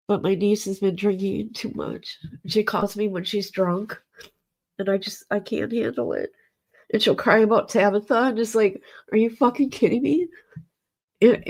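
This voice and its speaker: A middle-aged woman hosts a livestream while grieving. She talks casually to her chat in an emotional, rambling way and swears freely. Her voice sits at an ordinary pitch for a woman. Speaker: livestream host.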